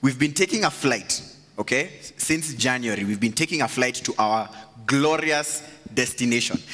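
A man's voice: mid-range voice, fairly bright tone. A man preaching an interactive sermon, joking and teasing the congregation. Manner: joking, teasing, quick to laugh. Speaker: pastor. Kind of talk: interactive sermon with audience questions. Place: large church hall. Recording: reverberant church hall with faint ambience.

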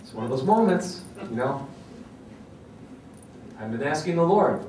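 A man's voice: fairly high pitch, big pitch swings, a little slow, darkish tone. Middle-aged guy telling a self-mocking story at a seminar, sounds far off in a big echoey hall, faint hiss. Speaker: parenting seminar speaker.

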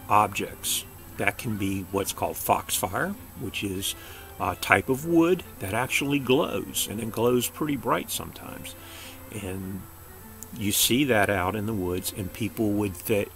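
A man's voice: fairly low pitch, a bit bright. An older man reading a children's story aloud in a chatty way, stopping to explain things.

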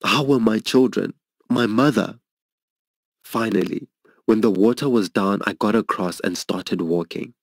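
A man's voice: measured pace, creaky, dry recording. A middle-aged man preaching, telling a personal story in an earnest, emotional way. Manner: earnest, emotional storytelling, voicing others' lines higher. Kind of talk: sermon testimony storytelling.

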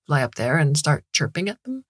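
A woman voicing a dismissive middle-aged male director who talks low and flat. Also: brisk, husky, no echo, studio quality, exaggerated voice. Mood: sarcastic.

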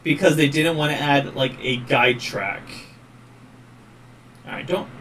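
Casual let's-play host, slightly high voice. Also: male voice, a little slow, fairly bright tone. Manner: casual, rambling. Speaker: gaming channel host. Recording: faint noise, distant mic.

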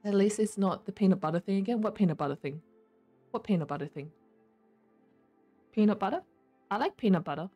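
A woman's voice: mid-range voice, animated, a little fast, pauses often, breathy edge, highs cut off, faint music behind. A young woman streaming, chatting casually with her viewers while she plays, laughing often. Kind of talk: casual chat while gaming.

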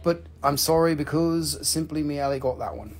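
A man's voice: a little high, normal speed, vocal fry, a little hiss or hum. A man hosting a live stream to sell crystals, talking casually, swearing freely and counting down each sale.

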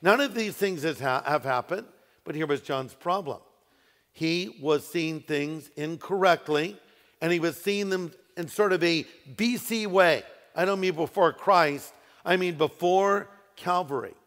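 A man's voice: on the high side, a bit bright. Man preaching in a reverberant hall. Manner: preaching with emphatic rises and slowed, stressed phrases. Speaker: pastor. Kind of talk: sermon. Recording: echoey hall with long reverb.

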